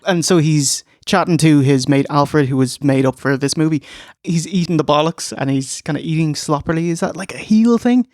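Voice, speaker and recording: A man's voice: on the high side, moderate pace, hardly any pauses, a little mellow, dry recording, studio quality. A man hosting a podcast, recapping a film in a joking, casual way and slipping into silly voices. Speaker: podcast host. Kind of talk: casual comedic film review chat.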